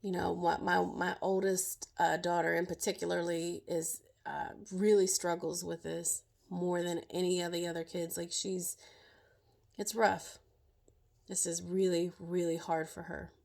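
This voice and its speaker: A middle-aged woman sharing her own story as a survivor, in emotional, halting personal testimony full of fillers and restarts. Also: fairly low pitch, level tone, creaky, a little mellow.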